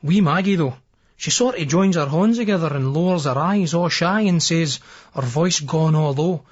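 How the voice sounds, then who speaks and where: A Scottish-accented audiobook narrator reads a novel in the first person, using a brash, crude, swaggering voice that's a little high and husky, at normal speed. The recording is a dull, lo-fi remaster of old tape.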